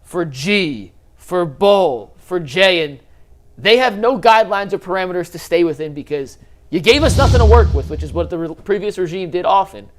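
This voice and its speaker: Higher-voiced male sports show host. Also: animated, moderate pace. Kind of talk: sports talk show chat.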